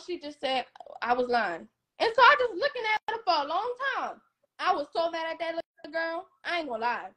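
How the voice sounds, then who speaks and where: A young woman telling a personal story on a live stream, animated and emphatic, acting out what others said. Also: sits high. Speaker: guest.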